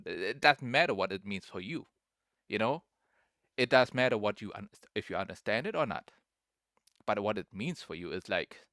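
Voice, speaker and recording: A man's voice: fairly low pitch, animated, moderate pace, pushed and bright, no echo, studio quality. A man giving casual reaction commentary as a streamer, rambling and repeating himself, full of "like" and "bro".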